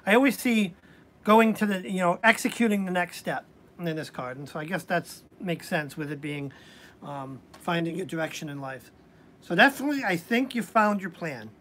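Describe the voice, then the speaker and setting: A woman's voice: medium pitch, a bit bright. Chatty woman reading tarot live. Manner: chatty, hesitant with many restarts. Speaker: tarot reader. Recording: faint background noise.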